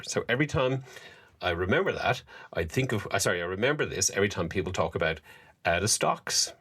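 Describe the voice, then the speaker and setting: A low-pitched man with a Dublin Irish accent, chatting as a podcast guest. He spins animated, self-deprecating anecdotes, stumbling through fillers and restarts as he goes. His voice sits deep in his chest. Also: a little fast, slightly rough. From Ireland. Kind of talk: casual interview chat.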